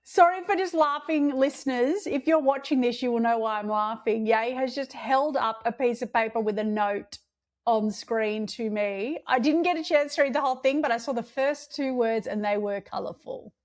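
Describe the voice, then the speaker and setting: A woman's voice: on the high side, moderate pace, darkish tone. An Australian woman co-hosting a podcast over a video call, joking and chatting with plenty of fillers. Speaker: podcast co-host.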